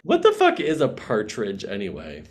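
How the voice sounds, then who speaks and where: Brief: crude, jokey male co-host, lower voice, loose casual chat. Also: wildly swooping pitch. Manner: blunt, crude and jokey, with quick swings in loudness. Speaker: comedy podcast co-host.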